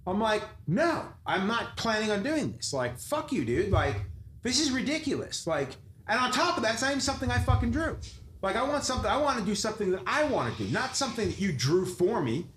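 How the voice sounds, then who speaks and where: A man's voice: sits high, very animated, fairly quick, a bit bright. A man telling a profane story on a podcast, acting out quotes and swearing constantly. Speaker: tattoo artist telling a story. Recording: roomy echo with faint noise.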